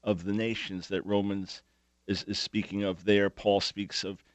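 A man's voice: lowish voice, little pitch movement, measured pace, dry recording. Man, talk radio host, emphatic, sarcastic, dry close mic.

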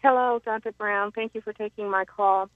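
A woman calling into a radio show, asking a Bible question in a slow, careful, halting way over the phone. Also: medium pitch, steady tone, no echo. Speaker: caller. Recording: tinny phone line.

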